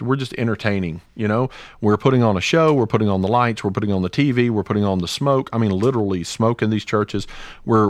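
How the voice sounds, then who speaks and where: A man's voice: on the low side, no room sound. A middle-aged man co-hosting a podcast, talking passionately in a rambling way with many restarts. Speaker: podcast co-host. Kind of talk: casual podcast discussion.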